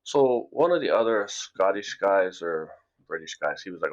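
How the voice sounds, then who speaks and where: A man's voice: fairly low pitch, very animated, moderate pace. A middle-aged man from the United States, telling a rambling story to camera in a casual vlog, often repeating words as he goes. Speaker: vlogger. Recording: dull lo-fi recording.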